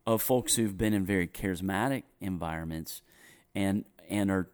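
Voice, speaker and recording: Low-voiced Southern pastor chatting. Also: male voice, normal speed. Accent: softened Southern US. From North Carolina, US. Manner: thoughtful, restarts often, chuckles while telling stories. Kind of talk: conversational podcast chat.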